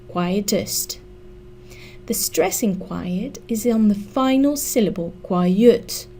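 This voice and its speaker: A woman teaching an English grammar lesson, explaining slowly and deliberately and spelling out letters. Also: mid-range voice, vocal fry, warm tone, a little hiss or hum.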